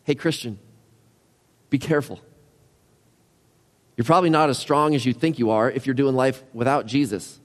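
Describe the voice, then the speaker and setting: A man preaching a sermon as a pastor, conversational and animated, full of rhetorical questions and acted-out asides. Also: medium pitch, moderate pace, long pauses. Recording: long hall reverb.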